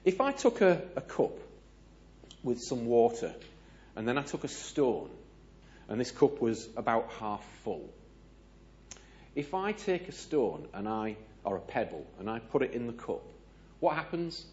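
A British man speaking to a gathered audience, telling a lively personal story, asking the audience questions and acting out the dialogue. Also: mid-range voice, unhurried, pauses often, highs cut off, slight background noise. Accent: British English. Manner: animated, asks audience questions, acts out dialogue. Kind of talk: storytelling sermon.

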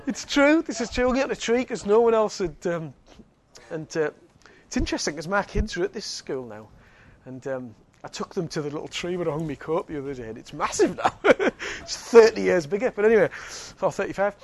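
A man, preaching a sermon and telling a personal story with laughter and frequent restarts. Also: high-pitched. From Northeast England.

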